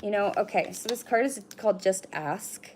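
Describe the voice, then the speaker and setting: A woman's voice: medium pitch, moderate pace, darkish tone, a little hiss or hum. A middle-aged woman giving a casual card reading on a livestream, chatty, swearing now and then, and talking straight to her viewers. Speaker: livestream oracle card reader.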